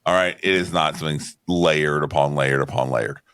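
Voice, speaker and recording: A man's voice: very deep voice, a little fast, a bit bright, smooth. A man co-hosting a movie podcast, talking bluntly and swearing a lot, with plenty of "um" and "all right" as he reviews a film in casual chat. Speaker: podcast co-host.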